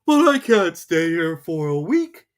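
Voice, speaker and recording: A reader voicing a slow, mournful storybook bear. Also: medium pitch, sing-song, voice pushed up. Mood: plaintive. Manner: slow, drawn-out, mournful delivery. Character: slow, plaintive, honey-loving young bear. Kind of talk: storybook reading.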